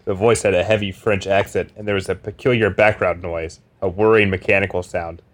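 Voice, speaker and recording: A man's voice: low-pitched, fairly even intonation, fairly quick. A man co-hosting a comedy podcast, trading teasing, wry banter and narrating a book aloud. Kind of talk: casual banter and reading aloud.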